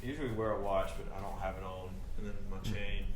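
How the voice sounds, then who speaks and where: A man's voice: deep voice, steady tone, quick pace. A young man co-hosting a podcast in casual chat, laid-back and joking dryly. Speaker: podcast co-host. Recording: echoey room with noticeable hiss.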